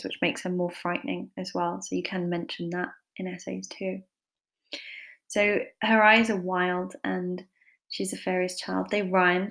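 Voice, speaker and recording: A woman tutors English literature in a relaxed, chatty way, sprinkling in fillers and self-deprecating asides. Her voice sits fairly low and stays flat, with little rise and fall. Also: vocal fry. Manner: chatty and informal, with many fillers. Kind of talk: casual online lesson.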